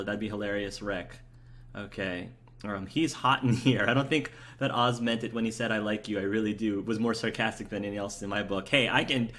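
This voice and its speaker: Chatty man with lowish voice. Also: a bit bright. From United States. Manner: chatty, enthusiastic, rambling with fillers. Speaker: let's play host. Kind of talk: casual gameplay commentary, reading chat aloud.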